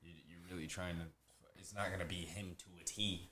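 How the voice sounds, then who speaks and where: A man's voice: low-pitched, fairly even intonation, brisk, pushed and bright. A man co-hosting a casual podcast, blunt and profane, joking along. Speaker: podcast co-host.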